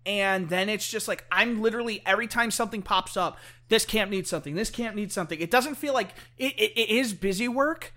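Gushing in a relaxed conversation, this high, bright-voiced man talks briskly with hardly any pauses. Excitable and laughing as he goes, he fills each sentence with "like."

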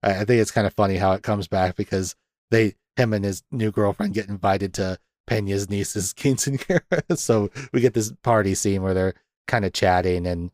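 A man's voice: lowish voice, normal speed, no room sound, clean studio sound. A man hosting a podcast, casually retelling film scenes with lots of laughter and acted-out quotes. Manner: animated retelling, acts out quotes, laughs often. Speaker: podcast host. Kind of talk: casual movie discussion.

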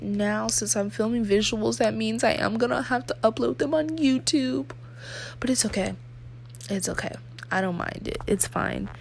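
A woman's voice: medium pitch, creaky, a little hiss or hum. A woman hosting her own podcast in casual solo talk, rambling and repeating herself, recorded without a proper microphone. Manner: rambling and repetitive, with many fillers and restarts. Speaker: podcast host. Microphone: no proper microphone yet, a basic built-in mic.

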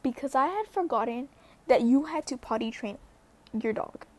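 A woman's voice: high voice, animated, moderate pace. A young woman vlogger telling a story in a casual, rambling way, full of fillers and restarts.

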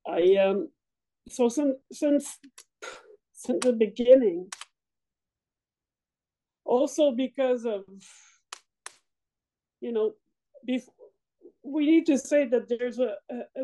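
A middle-aged woman veteran answering interview questions in a halting way, often repeating words as she searches for them. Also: on the high side, mellow, rough recording. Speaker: guest, military veteran.

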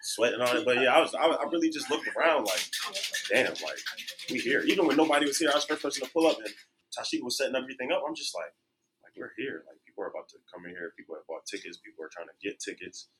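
A man's voice: medium pitch, lively intonation, rapid-fire, noisy background. A man hosting a live podcast in front of an audience, talking casually and animatedly in slang. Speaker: podcast host.

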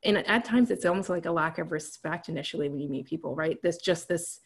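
Measured woman with a lowish voice. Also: husky. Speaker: panel guest. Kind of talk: casual panel discussion.

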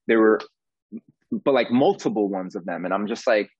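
A man guest on a podcast, telling his story in a casual, animated way, saying "bro" often and acting out what people said. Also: lowish voice, moderate pace, husky, no echo, dull audio. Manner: animated, says "bro" a lot, acts out quotes.

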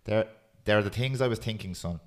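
Deep-voiced man reading aloud. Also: fairly quick. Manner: steady, earnest reading with small slips. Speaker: podcast host. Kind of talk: casual chat and reading a poem aloud.

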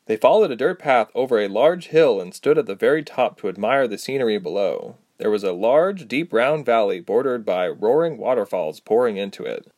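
A man narrating a fantasy storybook aloud, expressive and acting out each character. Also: medium pitch, normal speed, hardly any pauses, dry recording, clean studio sound.

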